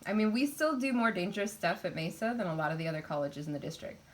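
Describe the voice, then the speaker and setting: A woman's voice: on the low side, animated, fast. Chatty woman teaching chem class, loose and informal, says like a lot. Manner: chatty, frequent "like" and laughing asides. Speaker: college chemistry instructor. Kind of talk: casual classroom lecture. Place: college chemistry classroom.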